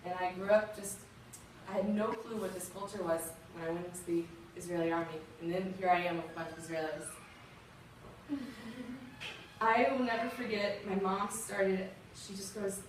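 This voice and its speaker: A young woman from the American South, a guest speaker, tells a youth audience a personal story in an earnest, emotional, casual way full of fillers. Her voice is medium-pitched at a moderate pace, picked up by a distant mic in a very echoey room with a little hiss or hum.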